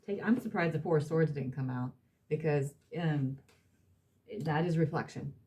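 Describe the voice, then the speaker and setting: Low, mellow-voiced woman reading tarot. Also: moderate pace. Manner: emphatic, repetitive, blunt and swearing. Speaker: tarot reader.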